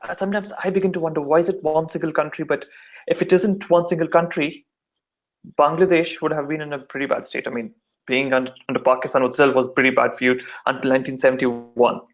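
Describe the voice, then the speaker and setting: A man's voice: a little high, level tone, fast talker. A young man from India with an Indian accent, chatting animatedly in a casual discussion and slipping into mock voices to make his points. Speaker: discussion participant. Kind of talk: casual chat.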